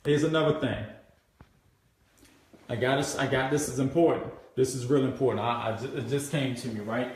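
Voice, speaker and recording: A man coaching a group on marketing, animated and repetitive, often checking in with "right?", acting out what his prospects think. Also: medium pitch, normal speed. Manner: animated, acts out prospects' thoughts. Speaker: network marketing trainer. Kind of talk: live group coaching session. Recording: very echoey room, mic far off.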